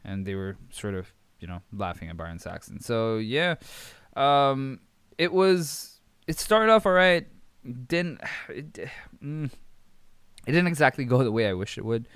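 A man's voice: medium pitch, a little slow, a bit bright, clean tone, no echo. A young man hosting a podcast, recapping wrestling in a rambling, amused way with many fillers. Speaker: podcast host.

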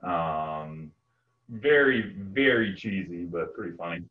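A man's voice: low-pitched, lively intonation, takes it slowly, narrow, tinny audio. A man co-hosting a podcast in laid-back casual chat, filling his sentences with "like". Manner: laid-back, peppers speech with "like". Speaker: podcast co-host. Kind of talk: casual chat about movies.

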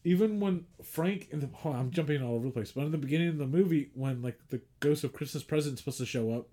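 A man with a somewhat higher voice co-hosts a casual movie podcast. He rambles through scenes, piling on fillers and jumping back and forth. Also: quick pace. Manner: rambling, filler-heavy retelling with animated acted-out quotes. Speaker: podcast co-host.

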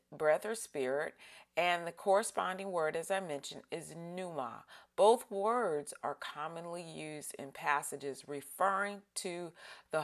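A woman leading a Bible study, calmly guiding breathing and reading scripture aloud slowly. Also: low-pitched. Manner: slow, calm guided reading with breathing cues.

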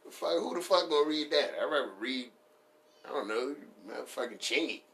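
A man ranting casually and profanely for laughs, rambling, laughing at his own jokes and jumping into high put-on voices. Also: brisk, a bit bright, a little hiss or hum. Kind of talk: casual comedic rant.

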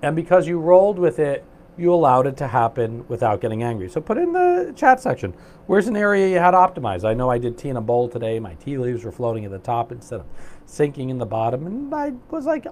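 Host, male, fairly high voice, friendly live-stream coach who reads chat comments and drifts between loose tangents. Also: big pitch swings, brisk, a little mellow, slight background noise. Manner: upbeat, chatty, reads viewer comments aloud, many fillers.

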